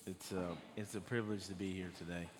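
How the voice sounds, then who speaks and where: A man's voice: sits low, level tone, slight background noise. Nervous man speaking in a reverberant church. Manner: halting and nervous, many fillers and restarts. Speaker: guest speaker giving a testimony. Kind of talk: personal testimony sermon. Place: church sanctuary. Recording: long hall reverb.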